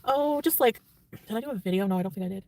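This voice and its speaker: A woman's voice: mid-range voice, expressive, rapid-fire, a little mellow, dry recording. A woman vlogger chatting casually, rambling and defensive, laughing often. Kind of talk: casual vlog chat.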